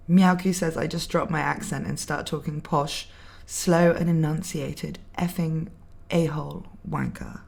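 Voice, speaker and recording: A woman's voice: sits low, fairly even intonation, normal speed, vocal fry, hardly any pauses, a little mellow. A young English woman with a slightly posh accent, streaming and chatting casually as she reads out viewer comments, laughing often. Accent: mildly posh English. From England. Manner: giggly, chatty, laughs often between remarks. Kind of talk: casual chat reading live comments.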